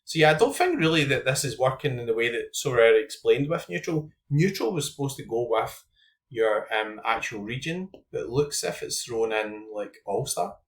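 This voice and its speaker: A man's voice: medium pitch, big pitch swings, moderate pace. A young man hosting his own channel, talking casually and thinking aloud as he goes through his fantasy football cards, with lots of "like" and "um". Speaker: YouTube host.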